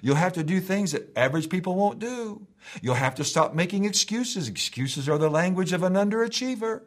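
A man's voice: sits high, lively intonation, brisk. A middle-aged man preaching a sermon as pastor in his church, emphatic, with repeated phrases that build to rising calls.

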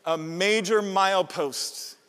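Brief: emotional male pastor preaching, sharp bright tone ringing through a reverberant sanctuary. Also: high-pitched, slow, clean tone. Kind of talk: sermon. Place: church sanctuary. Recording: reverberant hall.

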